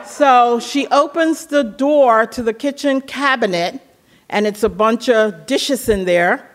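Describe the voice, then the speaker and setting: A storyteller shares a childhood memory in a loose, easy way. The voice sits at a middle pitch and breaks into chuckles as the story goes on. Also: slow. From Bermuda. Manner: relaxed, laughs while telling, acts out voices. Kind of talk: casual personal storytelling.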